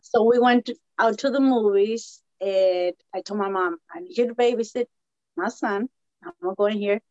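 Through a muffled recording with no room sound, a medium-pitched woman speaking at normal speed shares with a podcast host the story of meeting her husband. Her Latina American English is animated, and she acts out every quoted line in this casual storytelling chat.

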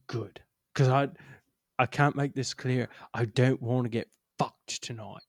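A man's voice: medium pitch, steady tone, no echo, studio quality, close to an everyday voice. A man playing a bossy boss who leans in and lays down the law to his new driver, in an improvised comedy scene. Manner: bossy, conspiratorial, fast-talking. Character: gruff middle-aged male boss hiring a driver.

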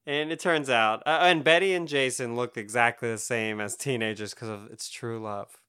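A man's voice: medium pitch, fairly even intonation, normal speed, sharp tone, clean tone. A young man co-hosting a casual podcast chat, laughing often as he talks. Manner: laughs often, loose and chatty. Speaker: podcast co-host. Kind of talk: casual chat about comics.

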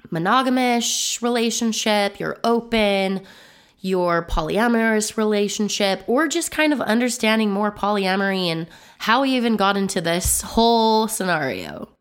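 Still a bit hoarse from a voice that hasn't fully recovered, this business coach delivers a solo podcast monologue at medium pitch and without hurry. Her tone is upbeat and conversational as she rattles off lists in quick bursts.

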